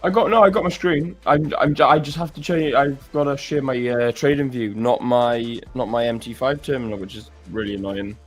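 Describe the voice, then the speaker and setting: A man's voice: mid-range voice, steady tone, a little fast, hardly any pauses, faint music behind. A man hosting a live trading stream, chatting casually and joking while he stammers and restarts as he walks through charts.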